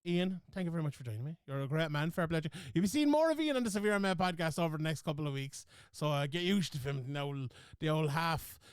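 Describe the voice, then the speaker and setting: A man's voice: on the high side, fast talker, few pauses, smooth, no room sound, studio quality. A man hosting a podcast, talking bluntly and swearing casually as he wraps up with plugs. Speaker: podcast host.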